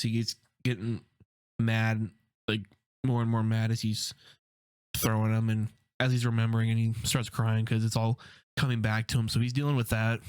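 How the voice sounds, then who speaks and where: A man's voice: on the low side, smooth, no room sound. Casual man recapping a TV episode, dry sound. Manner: loose retelling full of "like", slipping into quick character voices. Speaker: film channel host.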